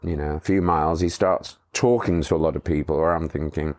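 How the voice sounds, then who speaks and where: A man's voice: extremely low pitch, fairly even intonation, fairly quick, a little mellow. A middle-aged man, a motorcycle tour company owner, telling rambling anecdotes in a casual interview, chuckling as he goes.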